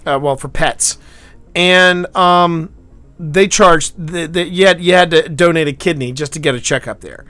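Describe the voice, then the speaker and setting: A man hosting a live stream, chatting casually and telling a rambling story with halting restarts, swinging from loud to hushed. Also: fairly high pitch, dry recording. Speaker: livestream host.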